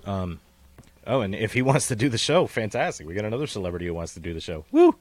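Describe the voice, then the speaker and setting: A man with a deep, low voice co-hosting a casual podcast. He rambles from tangent to tangent, swears freely and laughs easily as he talks into his mic. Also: expressive, fast talker. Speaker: podcast co-host.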